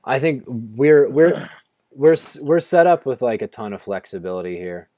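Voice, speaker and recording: A man co-hosts a fantasy football draft stream from home over a video call, chatting casually and rambling, restarting often and saying "like" a lot. His voice is medium in pitch, expressive and mellow, at a moderate pace, with no echo.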